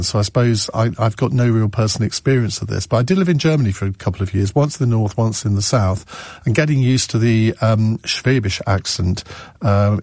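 A man's voice: lowish voice, dry recording, clean studio sound. A man hosting a radio phone-in, chatting easily with callers and reading out listener messages. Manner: relaxed, conversational, reads listener messages.

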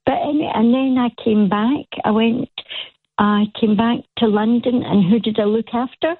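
A Glasgow woman phones in to a radio show, her fairly high voice gravelly and husky. She chats warmly and laughs easily as she talks. The sound is thin and tinny, like a phone line. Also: fairly even intonation, moderate pace, dry recording. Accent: Glasgow Scottish. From Scotland. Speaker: caller. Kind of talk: casual phone-in call.

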